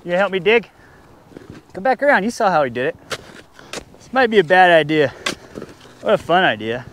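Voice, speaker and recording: A camping vlogger with a high-pitched, very animated voice talks briskly at his snowy camp spot, filmed on an action camera. He rambles casually, cracks jokes for viewers, and chats with his dog. His tone is a bit bright, with slight background noise.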